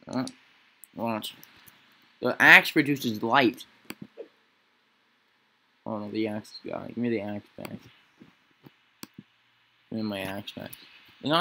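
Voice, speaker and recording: In a low, gravelly voice with a sharp edge, a young gaming channel host narrates his horror game playthrough slowly, with long pauses. His commentary is casual and meandering, full of jokes and mock fright aimed at himself. There's a little background noise.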